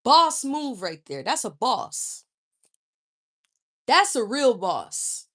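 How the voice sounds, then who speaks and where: A woman in her thirties from Charlotte, a YouTuber ranting in a blunt, profane, animated way. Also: on the high side, drawn-out words. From Charlotte, North Carolina. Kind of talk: casual storytelling rant.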